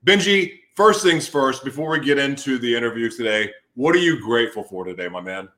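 A man hosting a casual talk show, animated and self-deprecating as he rambles. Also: medium pitch, brisk. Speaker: podcast host.

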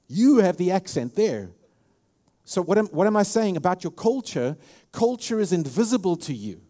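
Here a pastor with a South African accent preaches in a high, mellow, sing-song voice at a moderate pace. The delivery is emphatic and repetitive, marked by many restarts and repeated words.

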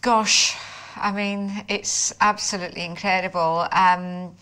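A woman's voice: mid-range voice, level tone, takes it slowly, bright, forceful tone, clean tone. A woman interviewing a guest, asking questions with affirming remarks and fillers. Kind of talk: casual interview.

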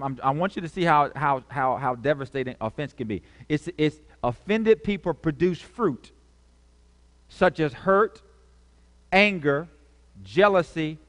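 A man's voice: fairly high pitch, fairly bright tone. Preacher man in a reverberant hall. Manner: call-and-response preaching, repeats key phrases. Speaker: pastor. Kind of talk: sermon.

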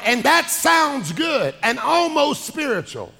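High gravelly-voiced preacher shouting and singing. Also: male voice, big pitch swings, measured pace. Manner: preaching in shouts and sung cadences, calling out to the congregation. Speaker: pastor. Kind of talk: sermon. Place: large church hall with congregation. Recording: echoing hall with music and crowd.

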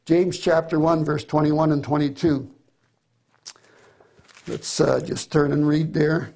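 A man's voice: a little high, steady tone, takes it slowly, gravelly, darkish tone. A middle-aged man preaching a sermon, reading scripture with earnest emphasis.

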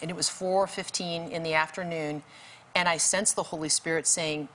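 A woman's voice: low voice, fairly even intonation, moderate pace, a bit bright. Earnest woman telling a dramatic testimony. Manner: vivid, emphatic retelling with bursts of urgency. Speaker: guest author.

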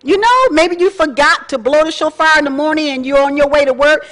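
A woman, teaching a faith lesson in a folksy, chatty way with lively asides. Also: sits high, brisk, hardly any pauses. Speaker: Bible study teacher. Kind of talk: casual teaching talk.

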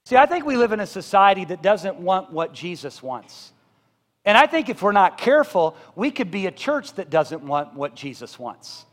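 A male pastor preaching a passionate sermon, building to loud emphatic peaks. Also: high voice, sing-song, moderate pace. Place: church sanctuary. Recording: reverberant church hall.

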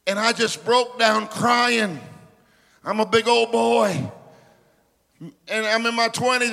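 A man, preaching a sermon, swinging from shouts to hushed asides. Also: very high voice, vocal fry. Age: 50s. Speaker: pastor. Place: large church sanctuary. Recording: reverberant church hall.

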